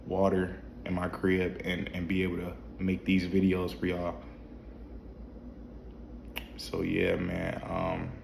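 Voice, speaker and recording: Deep-voiced man preaching to camera. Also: echoey room, slight background noise. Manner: repetitive, preachy, with restarts and rhetorical questions. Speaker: faith vlogger. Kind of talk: casual spiritual talk to camera. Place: home at night, dim room.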